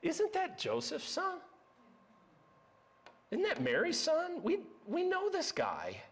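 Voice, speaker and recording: A man's voice: extremely high pitch, wildly swooping pitch, takes it slowly, voice pushed up, exaggerated voice. A man voicing scornful small-town neighbors who mock a local man. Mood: scoffing. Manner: sneering, incredulous.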